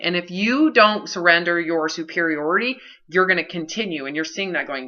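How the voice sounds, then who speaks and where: Blunt, low-voiced woman coaching. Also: moderate pace, pushed and bright, lo-fi sound. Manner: blunt, direct, challenging. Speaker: health coach. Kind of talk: one-on-one coaching session.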